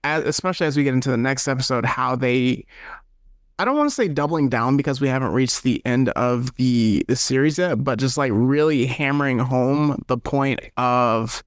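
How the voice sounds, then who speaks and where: A man's voice: mid-range voice, normal speed, smooth, dry recording, clean studio sound. A man co-hosting a podcast, talking through why a scene works and tying it to the show's themes. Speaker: podcast co-host. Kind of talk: casual analysis chat.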